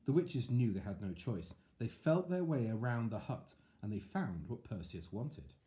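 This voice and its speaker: A man's voice: fairly low pitch, normal speed. A man reading a picture book aloud to children, with chatty asides. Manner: animated, chatty asides to young listeners. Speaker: storyteller.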